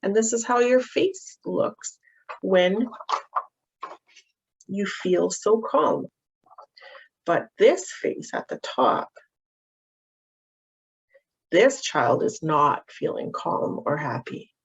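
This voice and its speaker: A woman practitioner gently and patiently walking parents through a calming activity for children, with frequent ums. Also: mid-range voice, drawn-out words, pauses often, slightly rough. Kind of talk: instructional walkthrough of a calming activity. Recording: dull, muffled audio.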